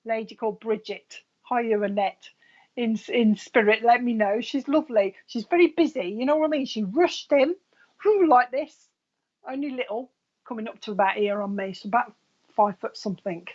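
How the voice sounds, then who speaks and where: Chatty lady doing a live psychic reading, a bit high voice, muffled audio. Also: moderate pace, darkish tone. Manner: chatty, relays messages with frequent laughs. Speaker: psychic medium.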